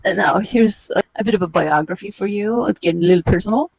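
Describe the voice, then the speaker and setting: A woman's voice: mid-range voice, fast talker, creaky, slight background noise, rough recording. A woman in her forties telling a comedic illustrated story in a wry, sarcastic, roasting way. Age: 40s.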